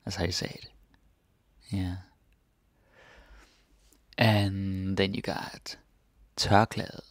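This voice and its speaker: A man teaching a casual Danish vocabulary lesson. He repeats each word slowly and drops to murmured asides. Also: low-pitched, little pitch movement, no echo.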